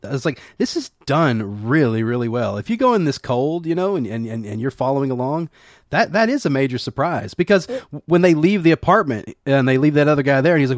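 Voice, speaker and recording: A man's voice: mid-range voice, animated, fast talker, no echo, clean studio sound. A man co-hosting a podcast about a film, talking loosely in casual chat, repeating words, laughing often and acting out quotes. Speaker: podcast co-host.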